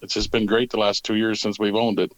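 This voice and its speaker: A man's voice: on the low side, flat delivery, fairly quick, no room sound, rough recording. A man who owns a tackle company, answering interview questions in a plain, matter-of-fact way.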